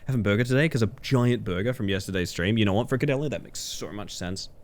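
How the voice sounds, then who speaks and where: A man's voice: on the low side, fast, darkish tone. A man chatting casually with his viewers while he streams a game, rambling and laughing easily. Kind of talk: casual gaming-stream chat.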